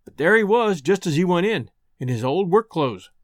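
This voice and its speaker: A man's voice: high-pitched, lively intonation, moderate pace, no echo, clean studio sound. A man narrating a first-person storybook tale in folksy, rustic dialect. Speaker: audiobook narrator.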